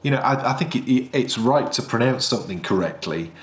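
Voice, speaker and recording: A British man co-hosting a knitting podcast, speaking in a measured, opinionated way. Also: mid-range voice, expressive. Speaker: podcast co-host. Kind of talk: casual chat. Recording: roomy echo.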